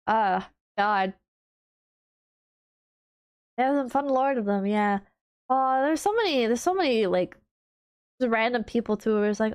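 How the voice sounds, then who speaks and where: A high-pitched woman from the United States chatting casually on a stream. She rambles and swears, and she keeps jumping into loud, incredulous disbelief. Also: lively intonation, moderate pace, long pauses. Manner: rambling, profane, exasperated mock disbelief with laughing outbursts. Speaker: VTuber streamer.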